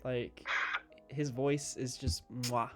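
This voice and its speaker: A man's voice: mid-range voice, fairly even intonation, slow, faint music behind. Young man chatting casually, swearing. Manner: chatty, swearing, laughing often. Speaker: podcast host. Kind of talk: casual podcast chat about films.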